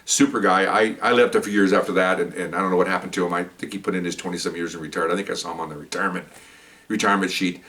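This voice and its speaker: A man's voice: low-pitched, steady tone, very fast, fairly bright tone. Guy, ex-police, telling an old work story loose and rambly, a bit far off the mic. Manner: rambling, stumbles and repeats words, acts out quotes. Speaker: former police officer. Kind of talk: casual spoken storytelling.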